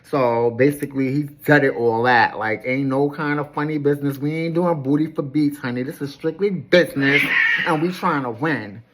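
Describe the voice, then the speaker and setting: A woman's voice: low-pitched, normal speed, a little hiss or hum. A woman giving a casual, sassy recap of a reality episode, gossipy and dramatic, calling people honey. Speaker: recap host.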